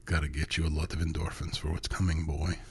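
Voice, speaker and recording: A man voicing a short, dominant man who gives commands in a low, growling, purring way. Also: flat delivery, fast, breathy edge, exaggerated voice. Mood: commanding.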